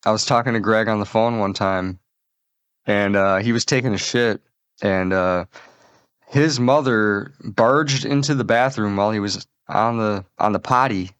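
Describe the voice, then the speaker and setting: A man's voice: lowish voice, unhurried, a bit bright, clear, resonant tone, no echo. Male comedy podcast host, crude and rambling, dry close-mic sound. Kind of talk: casual comedic banter.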